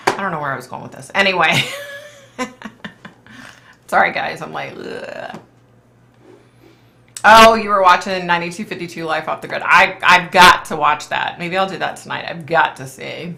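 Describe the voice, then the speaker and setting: Psychic-medium host, woman, low gravelly voice with a bright edge, chatty live-stream rambler. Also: normal speed, pauses often. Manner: rambling, chatty, full of "like" and "you know". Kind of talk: casual live-stream chat.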